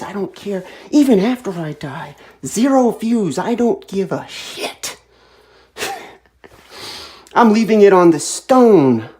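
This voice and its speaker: Young woman in her 20s, tearful and impassioned, slightly low voice, solo camera confessional. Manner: intense, repetitive, impassioned, swings between quiet and loud. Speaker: vlogger. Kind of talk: emotional direct-to-camera monologue.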